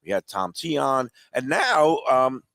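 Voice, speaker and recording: A hoarse man with a gravelly, creaky voice hosts a casual talk show live from a brewery. He rambles and restarts with plenty of fillers. The sound is dry and close. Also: mid-range voice, unhurried, fairly bright tone, no echo. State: hoarse from a chest cold. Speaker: radio show host. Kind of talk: casual on-air chat. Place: live remote broadcast at a brewery.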